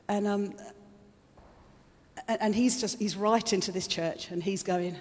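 A woman's voice: medium pitch, fairly even intonation, unhurried, long pauses, darkish tone. A woman giving a chatty, conversational sermon, openly emotional and laughing often. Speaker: preacher. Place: church hall. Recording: long hall reverb.

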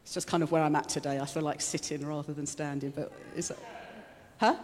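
A woman preacher with a deep voice speaks briskly in a church hall, her words carrying a long reverb. Her sermon is chatty and conversational, openly emotional and punctuated by frequent laughter.

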